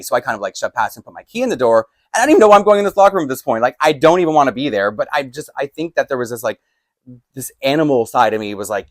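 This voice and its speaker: Animated fast-talking man, dry close mic. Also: medium pitch, no echo. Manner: acts out both sides of an argument, getting loud and heated; lots of fillers and restarts, laughs between lines. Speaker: doll collector vlogger. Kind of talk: storytime vlog, animated retelling. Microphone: desk microphone.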